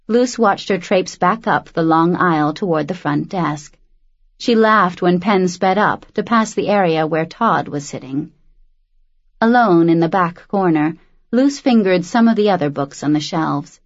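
Low-voiced woman narrating a novel. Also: a little slow. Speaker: audiobook narrator. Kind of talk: scripted narration. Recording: dull lo-fi audio.

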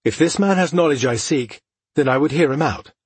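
A man voicing an ancient male elf elder who speaks in a formal, measured way. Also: fairly high pitch, lively intonation, slightly rough, no room sound, voice pushed up. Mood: grave.

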